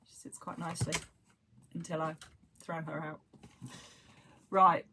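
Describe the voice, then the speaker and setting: A woman with a southern English accent talks in a relaxed, rambling way, hopping from one thought to the next. Her voice sits a little on the low side. She speaks like a host chatting casually to her regular viewers. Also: measured pace, noisy background. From southern England. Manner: chatty, rambling, self-described waffler. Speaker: crochet livestream host. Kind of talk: casual chat.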